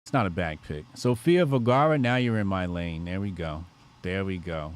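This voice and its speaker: Man, livestream host, crude joking chat, very animated pitch, profane. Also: moderate pace.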